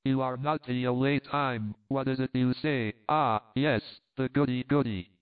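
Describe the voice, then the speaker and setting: A man's voice: medium pitch, fairly even intonation, unhurried, smooth, close to an everyday voice. A man voicing a coquettish countess who teases in broken English. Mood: teasing. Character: flirtatious Italian countess, woman, coquettish. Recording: phone-like thin sound.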